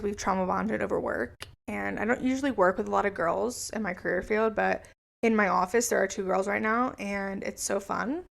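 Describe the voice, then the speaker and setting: Rambling, gravelly-voiced woman podcaster. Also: medium pitch, a bit bright. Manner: rambling, chatty and profane. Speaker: podcast host. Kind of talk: casual solo podcast chat.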